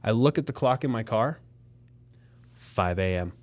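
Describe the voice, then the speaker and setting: A man co-hosting a podcast, telling a long story in a casual, animated way and acting out other people's voices. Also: on the low side, measured pace. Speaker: podcast co-host.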